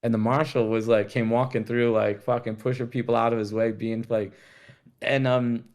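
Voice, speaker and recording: A man's voice: medium pitch, level tone, moderate pace, a little mellow. A man from Rhode Island telling a story as a guest in a casual chat, laid-back and swearing freely while acting out the dialogue.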